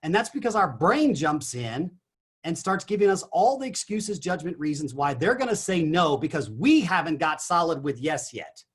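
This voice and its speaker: A man giving an energetic motivational talk as a guest on a business call, animated and emphatic. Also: on the high side, normal speed, husky. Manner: animated, emphatic, punchy exclamations.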